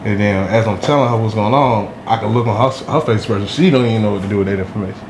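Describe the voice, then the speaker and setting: A man's voice: fairly low pitch, rapid-fire. A rambling man, echoey room. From Durham, North Carolina. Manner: rambling, street slang, frequent "you know what I'm saying". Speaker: podcast guest. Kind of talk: casual storytelling. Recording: echoey room, faint background hum.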